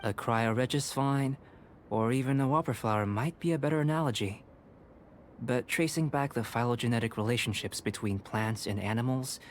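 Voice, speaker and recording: A man voicing a calm young male alchemist in a game, measured and lecturing. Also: medium pitch, slight background noise, natural voice. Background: faint game music.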